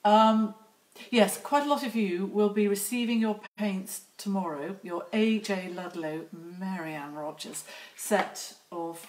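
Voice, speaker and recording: A woman's voice: medium pitch, slow pace, darkish tone, slight background noise. A middle-aged woman hosting a casual live stream outdoors on her phone, chatty and teasing as she greets viewers by name. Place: outdoors near lambs.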